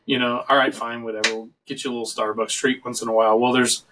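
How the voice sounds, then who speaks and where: A man's voice: medium pitch, little pitch movement, fast, far from the mic, background noise. Joking man host on a video call. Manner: rambling, joking storyteller. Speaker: show host. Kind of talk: casual podcast chat.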